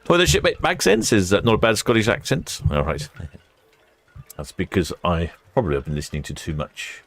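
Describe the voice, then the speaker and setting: Gravelly low-voiced British man chatting. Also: expressive, normal speed, no echo, soft background music. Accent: British English. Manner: chatty, reads out viewer comments. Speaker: live stream host. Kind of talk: casual live commentary. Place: indoors in a warm room by the quay.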